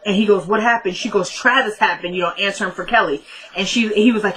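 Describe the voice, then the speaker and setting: A woman's voice: medium pitch, quick pace, a bit bright, low-quality recording. A woman casually recapping a TV episode, retelling the dialogue in a chatty way. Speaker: TV recap vlogger.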